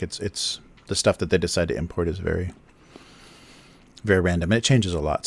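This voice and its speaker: Deep-voiced guy rambling on his livestream, lots of ums, right up on the mic. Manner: rambling, explains with many fillers and restarts. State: chewing food near the mic. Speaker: livestream host, cartoonist. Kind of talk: casual livestream chat. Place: home studio in Japan. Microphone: close desk mic.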